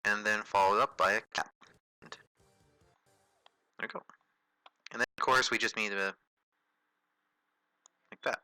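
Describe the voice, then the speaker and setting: Bright-voiced man casually talking through a drawing. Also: lowish voice, a little slow, pauses often, smooth, dry recording, soft background music, poor audio. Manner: relaxed, chatty, thinks aloud with frequent fillers and self-corrections. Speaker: host of a drawing tutorial livestream. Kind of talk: casual livestream tutorial, narrating while drawing.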